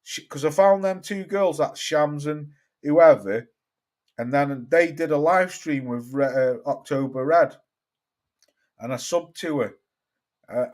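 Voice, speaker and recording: A man with a London accent hosting a casual live stream about boxing, answering viewers and swearing freely as he gives his opinions. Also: on the high side. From England. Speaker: boxing channel host.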